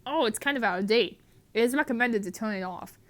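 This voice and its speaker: A woman voicing a big, gruff but kindly male groundskeeper in a comedic script reading. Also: a little high, fairly quick, close to an everyday voice.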